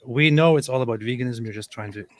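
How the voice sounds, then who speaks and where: A man hosts a live stream in a close, dry sound, reading viewers' comments aloud and tossing off deadpan jokes between them. His pitch sits in a middle range, and he often stammers and restarts as he goes. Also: fast talker, dry recording. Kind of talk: casual chat.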